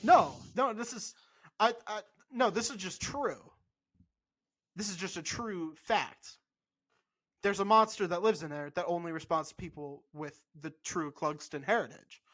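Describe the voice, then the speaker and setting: A man co-hosting a podcast in casual chat, animated and insistent, swearing freely. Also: high voice, a little slow. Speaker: podcast co-host.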